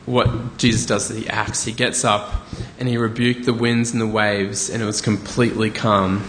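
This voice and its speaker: A male pastor giving a conversational, animated sermon with asides. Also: fairly low pitch, moderate pace, slight background noise. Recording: echoey hall, faint ambience.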